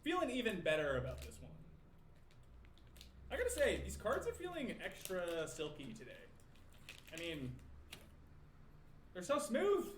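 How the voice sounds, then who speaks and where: A gushing pack-opening video host. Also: male voice, sits high, huge pitch swings, slight background noise, full character voice. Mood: excited. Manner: salesy, gushing, quick patter. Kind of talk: in-game video clip. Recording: echoey room with faint ambience.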